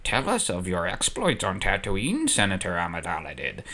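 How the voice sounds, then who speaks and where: A man's voice: sits low, wildly swooping pitch, moderate pace, bright, forceful tone, pitched below the performer's own voice, heavily acted. A man voicing an ancient, small alien master who speaks in inverted phrases. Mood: solemn.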